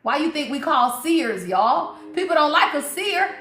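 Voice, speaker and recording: A high, bright-voiced woman gives a livestreamed tarot reading. She is blunt, emphatic and freely profane, calling out to her audience constantly. Her voice rings in an echoey room. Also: big pitch swings, a little slow. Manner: emphatic, blunt and profane, keeps addressing listeners. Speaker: spiritual reader.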